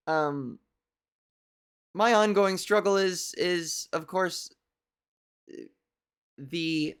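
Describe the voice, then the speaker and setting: A young woman with a scratchy, cartoony voice hosts a comedy stream in a rambling, profane, self-deprecating way. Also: deep voice. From Canada. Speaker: comedy show host. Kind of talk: casual live-stream monologue.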